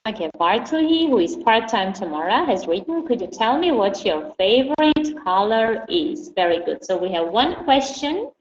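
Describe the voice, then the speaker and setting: A woman whose first language is Armenian, teaching an online English class and patiently repeating model phrases slowly. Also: medium pitch, sing-song. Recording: roomy, dull lo-fi audio with faint hiss.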